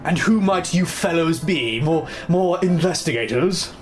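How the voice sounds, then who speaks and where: A smug aristocratic baron, as a man puts him on, drawling in a put-on posh English accent. The voice sits a touch higher than usual and swoops about with lively pitch, and music plays behind him in a video game. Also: a little slow. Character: posh pompous male baron, wealthy aristocrat.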